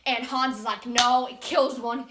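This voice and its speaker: A woman's voice: high voice, moderate pace, background noise. A woman who hosts a gaming channel, rambling casually through a game's story and acting out the characters' lines with many restarts. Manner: rambling, acts out quoted lines, frequent restarts. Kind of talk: casual rambling game recap.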